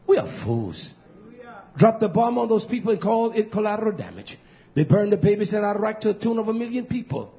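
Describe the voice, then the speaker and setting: High-voiced fiery preacher man, lo-fi. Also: very animated, brisk. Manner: rambling, combative, swings between low muttering and shouting. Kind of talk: fiery sermon. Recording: dull lo-fi recording.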